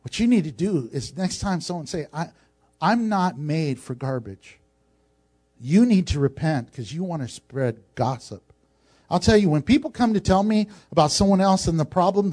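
Man preaching, high voice, conversational, joking asides. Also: a little mellow. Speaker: pastor. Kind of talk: sermon.

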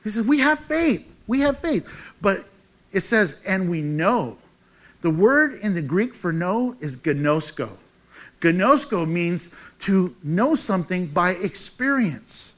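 A man with a high, light voice preaching a sermon. He moves from ringing, raised declarations to quiet, intimate asides, reading scripture and pressing questions on his listeners. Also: animated, slow pace. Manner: preaching with wide swings from loud to hushed. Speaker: pastor.

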